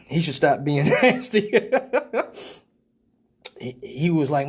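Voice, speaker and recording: A man hosting a live show, telling a profane story in a casual, animated way and laughing often. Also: medium pitch, extremely slow, pauses often, breathy edge. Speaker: host of a live call-in show.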